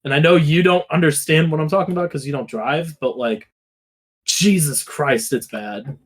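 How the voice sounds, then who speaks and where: A man's voice: fairly high pitch, normal speed, breathy edge. A young man co-hosting a podcast, telling rambling, profane stories that drift into rants. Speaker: podcast co-host. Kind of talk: casual chat.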